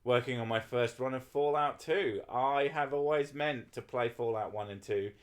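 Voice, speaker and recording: A man's voice: mid-range voice, normal speed. A man chatting casually on a livestream, rambling and swearing while he talks to his viewers. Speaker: streamer.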